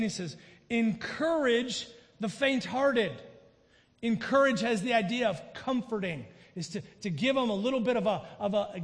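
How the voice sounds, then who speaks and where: A man with a high voice preaches a sermon, earnest and plain-spoken. He often doubles words as he restarts a thought. His voice rings out with the long reverb of a hall.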